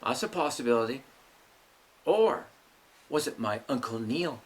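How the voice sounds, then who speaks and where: A man's voice: medium pitch, expressive, a little slow. A middle-aged man hosting his own show, ranting bitterly about his family with heavy swearing. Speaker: vlog host. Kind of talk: angry personal monologue.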